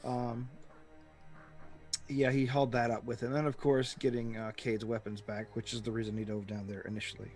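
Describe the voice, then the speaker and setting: A man at a middling pitch runs the table as game master, talking loosely with plenty of "um"s and easy laughs. Soft music plays faintly underneath his voice. His delivery is casual, unhurried banter between rules calls. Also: level tone. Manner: loose, laughing, lots of fillers. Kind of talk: running a tabletop game over chat.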